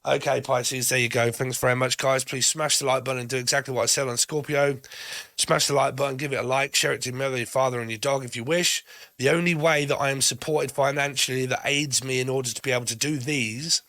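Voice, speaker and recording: A man talks his way through a tarot reading, jumping from card to card. He swears freely and laughs between his thoughts, at an ordinary middle pitch. The sound is dry and close, with no room echo. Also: steady tone, quick pace, sharp tone. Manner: rambling, swears often, laughs between phrases. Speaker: tarot reader.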